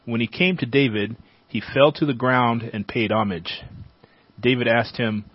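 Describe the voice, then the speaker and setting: A man reading a Bible chapter aloud as a teacher, at a measured pace. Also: medium pitch, husky, no echo. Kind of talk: scripture reading. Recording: dull, dry lo-fi sound.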